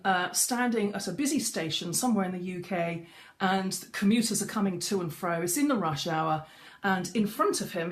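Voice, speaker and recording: A middle-aged woman giving a chatty live-streamed lesson as a voice coach, greeting viewers as she goes. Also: mid-range voice. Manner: chatty, greets viewers mid-talk, frequent restarts. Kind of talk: facebook live coaching talk. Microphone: webcam or phone on a live stream.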